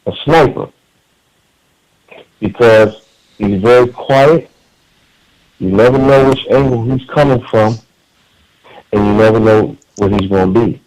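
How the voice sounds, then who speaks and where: A man's voice: on the low side, unhurried, long pauses, darkish tone, low-quality recording. Earnest man calling in to radio. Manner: earnest, emphatic, with repeated words and restarts. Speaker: caller. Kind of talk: call-in radio talk.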